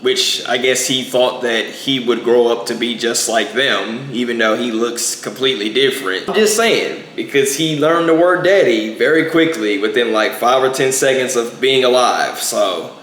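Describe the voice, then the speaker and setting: A man's voice: medium pitch, moderate pace, few pauses, a bit bright, reverberant, slight background noise. A young man giving a casual, rambling movie review, packing in lots of filler words.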